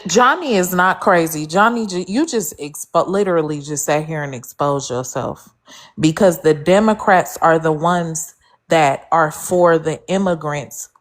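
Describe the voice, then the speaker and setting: A woman from the United States arguing on a debate panel, blunt, sassy and dismissive. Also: on the low side.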